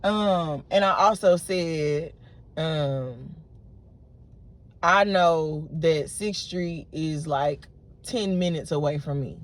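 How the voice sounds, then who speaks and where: A woman's voice: deep voice, slow pace. A woman in her late twenties, talking straight to camera in an unedited vlog and retelling an argument with frustration. She speaks with lots of fillers and restarts. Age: late 20s. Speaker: vlogger. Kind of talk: unedited casual monologue to camera.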